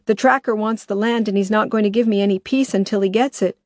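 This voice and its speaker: A woman's voice: mid-range voice, fairly even intonation, fast, darkish tone, no room sound, studio quality, pitched above the performer's own voice, natural voice. A woman voicing a desperate, determined woman who talks in an urgent, pressing way.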